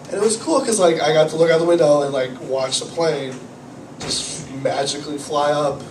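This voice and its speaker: A man's voice: a little high, normal speed. A man doing a rambling, self-deprecating stand-up comedy set, swearing and fretting, while he has a cold. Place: small cafe comedy night, from the audience area. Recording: echoey cafe room, camera far off, audible noise.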